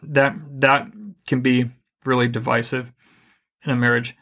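On a casual podcast he co-hosts, a middle-aged man gives relationship advice at a purposely unhurried, calm and steady pace. His voice sits at a medium pitch.

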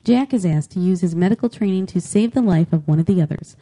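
Woman with a deep, dark voice. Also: fast. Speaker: podcast co-host. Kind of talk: casual chat and episode recap. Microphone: headphones with a desk mic.

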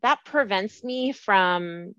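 A woman's voice: mid-range voice, lively intonation, slow pace, a bit bright, no room sound, muffled recording. A woman who is a parent and writer, guesting on a podcast and chatting candidly about raising her kids. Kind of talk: casual conversation.

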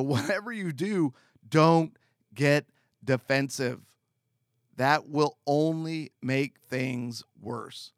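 A man speaking as a marriage counselor, giving calm, earnest and direct advice with repeated emphatic phrases. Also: medium pitch, dry recording, studio quality. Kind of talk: advice talk to camera.

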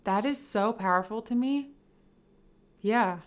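A woman's voice: medium pitch, measured pace. A woman co-hosting a casual podcast from a home kitchen, talking in a chatty, enthusiastic way. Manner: enthusiastic, warm-hearted, chatty with many "like"s. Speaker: podcast co-host. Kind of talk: casual conversational podcast chat.

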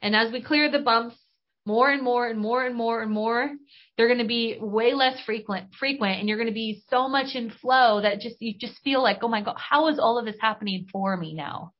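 A woman with a slightly high voice talks enthusiastically through a spiritual coaching monologue. She is bubbly and casual and drops in mild slang. The recording sounds dull and lo-fi. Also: moderate pace. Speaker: podcast host and business coach.

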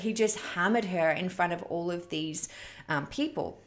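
A woman's voice: on the low side, moderate pace. Earnest woman hosting a parenting chat. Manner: earnest, heartfelt, conversational. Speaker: host of a parenting challenge. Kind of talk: casual storytelling to an online audience.

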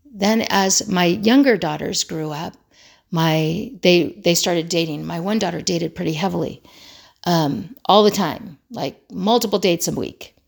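A woman's voice: on the low side, measured pace, vocal fry. A woman in her fifties hosting a self-help talk, telling family stories and acting out the people she quotes. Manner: animated storytelling, acts out quoted voices. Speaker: self-help podcast host. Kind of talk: casual monologue.

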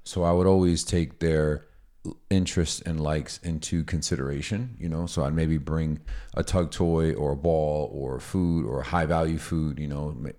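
A man co-hosting a casual podcast, explaining dog training in an energetic, chatty way. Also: very deep voice. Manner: energetic, explanatory, acts out dialogue.

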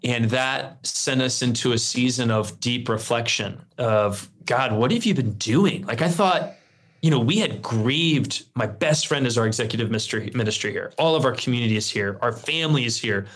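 A man, a pastor telling his story in a relaxed, earnest interview. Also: mid-range voice, normal speed. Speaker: lead pastor, guest. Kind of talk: conversational interview.

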